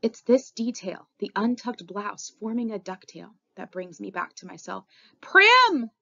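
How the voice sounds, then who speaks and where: A woman narrating a novel in the first person with expressive, dramatic reading, on a dull lo-fi recording. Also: mid-range voice, normal speed, gravelly. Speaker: audiobook reader. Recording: dull lo-fi audio.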